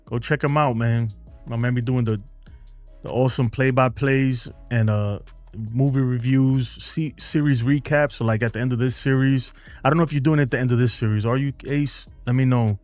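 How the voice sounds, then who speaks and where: A man's voice: mid-range voice, steady tone, normal speed, a little mellow, no room sound, soft background music. A man hosting a casual baseball fan stream from home, laughing often and saying "man" and "bro" a lot. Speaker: baseball fan channel host. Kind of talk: casual live-stream chat reading viewer comments.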